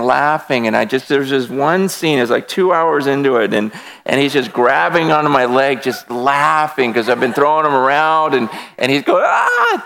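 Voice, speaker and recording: A man's voice: a little high, vocal fry, fairly bright tone. A man speaking to a gathered room, telling a passionate personal faith story in an earnest, emphatic way with touches of self-deprecating humor. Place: room with a live audience.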